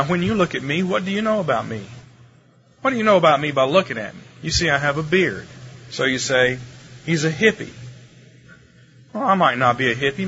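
A man preaching a lecture-style sermon, animated and shifting his pace and pitch for emphasis. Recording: muffled live recording with faint room noise.

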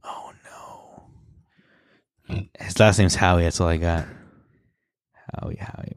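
A man's voice: unhurried, clear, resonant tone, no room sound, whispered, clean studio sound. A man co-hosting a podcast in casual, jokey chat, laughing often. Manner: laughs often, jokey, animated swoops up in pitch. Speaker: podcast co-host.

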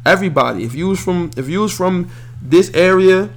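Animated New guy talking hoops. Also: sits high, fairly quick. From northern New Jersey. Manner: animated, rambling, slangy. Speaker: podcast host. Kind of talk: casual sports talk.

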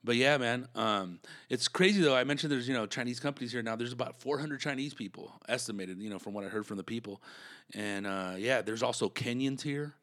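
A man's voice: medium pitch, brisk, a bit bright. A man who works as a comedian, from Southern California, telling stories in a laid-back, slangy way full of fillers. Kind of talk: casual storytelling chat.

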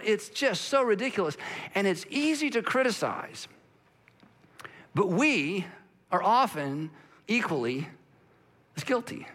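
A man preaching a sermon as a pastor, animated and acting out the voices of the people he quotes. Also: high voice, a little slow, pauses often.

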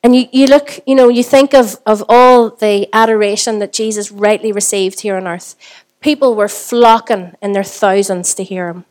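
A woman's voice: mid-range voice, fairly even intonation, normal speed, a little mellow. A woman pastor with a Northern Irish accent, preaching a sermon in a conversational way and putting rhetorical questions to the congregation. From Northern Ireland.

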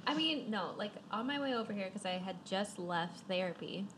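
A young woman co-hosting a casual podcast at a friend's apartment, chatty with a soft voice. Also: mid-range voice, animated, normal speed, a little hiss or hum. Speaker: podcast co-host. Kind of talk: casual chat.

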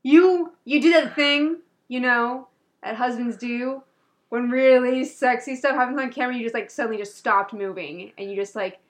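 A woman co-hosting a casual chat, telling a movie's story in a lively way and acting out its characters. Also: a little high, moderate pace. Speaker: podcast co-host.

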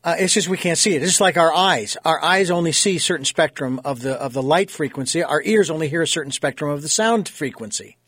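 A man hosts an interview in a reflective, conversational way. His voice sits a little high and sounds dry and close, with no room around it. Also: animated, quick pace, few pauses, slightly rough, no echo. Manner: soft listener's affirmations, reflective. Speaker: interview host.

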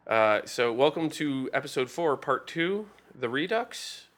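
A man's voice: medium pitch, lively intonation, a little slow, fairly bright tone. A man hosting a casual podcast, rambling and self-deprecating, swearing freely. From Wales. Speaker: podcast host.

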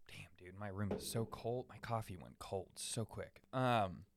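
A man's voice: on the low side, a little slow, vocal fry, background noise. A young man hosting a podcast from his room, rambling casually in a laid-back, slangy way with lots of fillers and restarts. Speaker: podcast host. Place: his own room at home.

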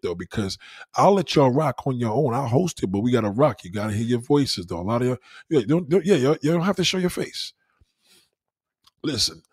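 A man hosting a casual late-night livestream, reacting loudly to chat with profane, laughing banter. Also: medium pitch, breathy edge, dry recording, clean studio sound. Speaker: livestream host.

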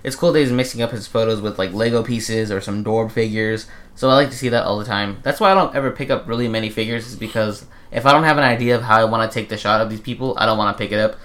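A young man hosting a casual podcast, relaxed, swearing casually and leading into each segment. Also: lowish voice, fast talker, few pauses. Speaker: podcast host.

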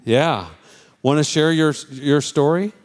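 A man's voice: a little high, slow. Male pastor, informal, off-the-cuff sermon banter with the church. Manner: chatty and spontaneous, addressing the congregation. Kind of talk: casual sermon talk.

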